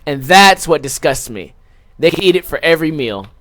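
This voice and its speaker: A man's voice: a little high, lively intonation, normal speed, a bit bright. A young man hosting a podcast, ranting comically about food in a profane, exaggerated way, with lots of fillers. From Las Vegas. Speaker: podcast host. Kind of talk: casual comedic rant.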